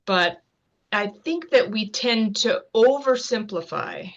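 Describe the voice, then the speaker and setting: A woman from the United States, a scientist and author, talking fast and earnestly as an interview guest on a video call. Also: medium pitch, lively intonation, highs cut off. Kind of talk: casual interview talk.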